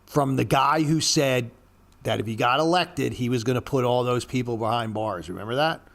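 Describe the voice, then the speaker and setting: A man's voice: normal speed, gravelly, a bit bright. A man giving blunt, profane casual commentary on stock charts, ranting at panicked traders. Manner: mocks panicked traders in a high squeaky voice. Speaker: market commentator.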